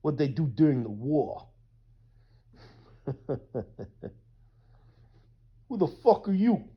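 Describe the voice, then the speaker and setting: A man's voice: mid-range voice, expressive, a little slow, breathy edge, muffled recording. A man putting on a brash tough-guy heckler. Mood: taunting. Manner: needling, confrontational, shouting questions.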